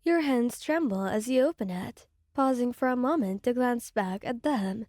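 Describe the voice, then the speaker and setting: Woman, soft ASMR storytelling, somber and quiet, mellow fairly high voice, dry close sound. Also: lively intonation, normal speed, hardly any pauses, no echo. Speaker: narrator.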